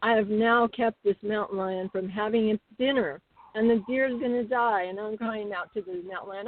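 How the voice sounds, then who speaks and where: A middle-aged woman telling homestead stories as a guest, chatty and animated with many fillers. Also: mid-range voice, moderate pace. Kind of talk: casual interview storytelling. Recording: tinny phone-like call audio.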